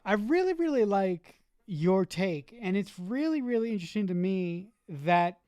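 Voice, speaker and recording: Female podcast co-host, mid-pitched, measured, repeats words while thinking; dry recording. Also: animated, warm tone, no room sound. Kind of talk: casual chat.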